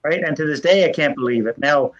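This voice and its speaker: Older man telling folk tales. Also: a little high. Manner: folksy, earnest, halting with restarts. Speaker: storyteller guest. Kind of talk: casual storytelling. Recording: dull lo-fi sound.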